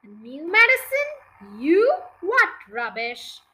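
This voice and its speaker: Storybook role: a woman doing a boastful grandmother, slow scolding shouts, lively pitch. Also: full character voice, rough recording. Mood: scornful.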